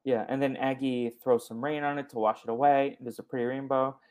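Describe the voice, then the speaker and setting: A man hosting a podcast, recapping a movie in a casual, animated way and acting out the characters' lines. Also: mid-range voice, fairly quick, clean tone. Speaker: podcast host.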